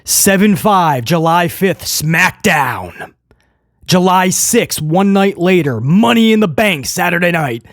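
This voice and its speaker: A man hosting a wrestling news show, talking casually to viewers in an excitable, rambling way with jokey asides. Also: high-pitched, slow, no room sound, studio quality.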